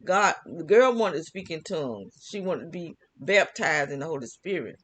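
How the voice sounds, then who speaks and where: A woman's voice: deep voice, very animated, normal speed, a bit bright, slightly rough. Rambling woman giving a casual testimony. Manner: rambling, laughs often, restarts sentences. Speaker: vlogger.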